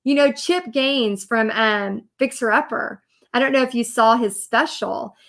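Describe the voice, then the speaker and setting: A woman's voice: fairly high pitch, unhurried, creaky. Chatty woman telling her story. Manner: chatty, animated storytelling with many fillers. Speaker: business coach. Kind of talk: live video talk. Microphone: computer or phone mic on a live video.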